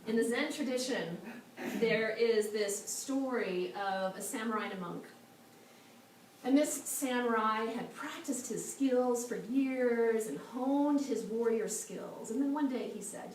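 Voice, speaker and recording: Woman minister in an echoey hall. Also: fairly high pitch. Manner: soft, slow and meditative at moments. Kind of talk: sermon with storytelling. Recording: echoey hall from a far mic, faint noise.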